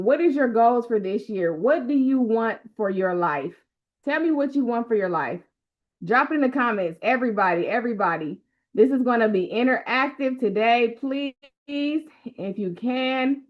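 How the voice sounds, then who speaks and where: A woman hosts a live book launch stream. Her voice sits a little high, and she leans hard on repetition to urge viewers to share and comment. It comes through a dull, lo-fi computer mic. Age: 30s. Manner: emotional, repetitive exhortations to the audience. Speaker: motivational coach hosting a live book launch. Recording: lo-fi stream audio.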